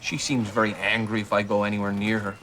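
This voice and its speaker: A man's voice: on the low side, flat delivery, background noise, natural voice. An actor playing an awkward cat owner who rambles and halts as he flirts. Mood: flirty. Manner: halting, rambling.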